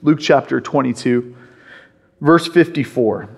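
A man's voice: mid-range voice, unhurried, gravelly, slightly rough. A man preaching a sermon as a pastor, passionate and emphatic, often restarting his phrases as he pushes a point.

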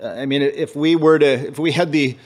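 A man preaching a conversational sermon, casual and halting, often restarting his phrases and acting out quoted voices. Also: steady tone, a little mellow. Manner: acts out quoted voices with jumps in pitch. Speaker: pastor.

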